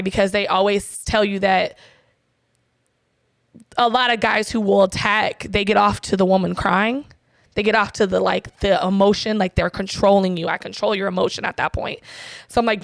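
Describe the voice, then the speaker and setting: A young woman recounts her own experience bluntly, swearing freely and acting out both sides of the exchange. Her voice carries a gravelly, creaky edge. The sound is dry and close, with no room echo. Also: mid-range voice, flat delivery, normal speed. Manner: blunt, profane, quotes herself and others. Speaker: guest. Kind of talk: candid personal storytelling.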